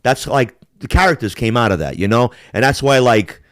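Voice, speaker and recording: A man's voice: mid-range voice, fairly quick, dry recording, clean studio sound. A middle-aged man from the United States, hosting a casual podcast chat, rambling and profane. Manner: profane, rambling, animated impressions. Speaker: podcast host.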